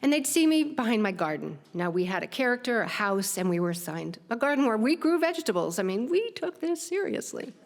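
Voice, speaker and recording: A middle-aged woman telling a lively, self-mocking personal story on stage, laughing at herself as she goes. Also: fairly high pitch, brisk, few pauses. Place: theater stage. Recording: stage talk with long hall reverb.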